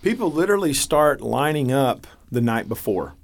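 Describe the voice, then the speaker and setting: A man with a Texan accent, a pastor hosting a casual radio talk from a church studio, folksy and animated, breaking into blessings. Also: medium pitch, normal speed. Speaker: pastor and podcast host.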